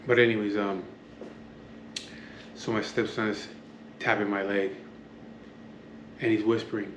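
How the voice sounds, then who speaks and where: A man's voice: on the low side, little pitch movement, measured pace, long pauses, roomy sound, noisy background. A man telling a story casually to camera from his home, rambling, swearing often and drifting into asides. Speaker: vlogger. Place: at home, near an open door to the street.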